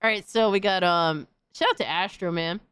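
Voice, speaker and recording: A woman hosting a stream, chatting casually and reacting with excitable, profane trash talk. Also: lowish voice, moderate pace, smooth, no room sound. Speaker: streamer host.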